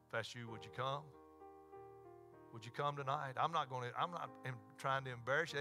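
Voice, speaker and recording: This pastor's mid-range voice comes fairly quick, pushed and bright, with soft music behind him. Standing in the church sanctuary, he ends his sermon with prayer and an altar call, pleading again and again in a repetitive Southern preaching rhythm.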